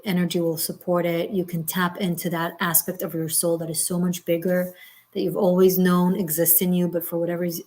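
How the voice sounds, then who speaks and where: A woman giving a live tarot reading, talking in a rambling, halting way with many fillers and restarts, gently reassuring and at times moved close to tears. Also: lowish voice. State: emotional, near tears. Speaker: tarot reader.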